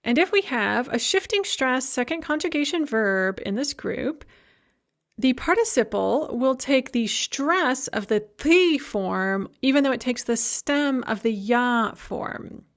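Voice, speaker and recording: Explaining grammar patiently in a recorded language lecture, a woman slows down to pronounce example words and adds a bit of light humor. Her voice sits high, with lively intonation.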